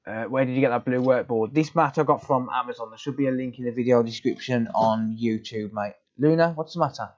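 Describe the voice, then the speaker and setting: A man's voice: mid-range voice, steady tone, brisk, hardly any pauses, lo-fi sound. A man chatting casually on a live repair stream, explaining steps matter-of-factly with frequent ums. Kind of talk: casual live-stream chat answering viewers.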